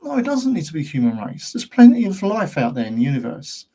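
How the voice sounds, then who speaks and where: A man's voice: fairly high pitch, wildly swooping pitch, fast talker, mellow, slightly rough. A British man hosting his own channel, talking straight to camera in a rambling, ranting monologue full of rhetorical questions. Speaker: host of a paranormal investigation channel.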